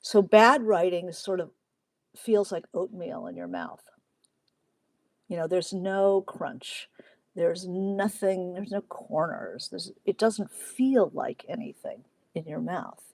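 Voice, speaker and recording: A middle-aged woman with a gravelly, creaky edge to her voice, chatting in a loose, digressive way, full of "um"s and restarts. She sounds close to the mic in a dry, dead room. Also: lowish voice, slow pace, darkish tone, dry recording. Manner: chatty and digressive, many fillers. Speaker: novelist hosting a writing Q&A livestream. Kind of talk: casual livestream talk.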